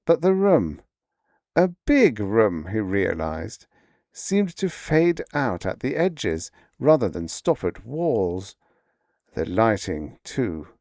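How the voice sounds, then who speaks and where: A man reading an old science fiction story aloud as a sleep story, with slow, expressive narration. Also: fairly low pitch, dry recording, clean studio sound.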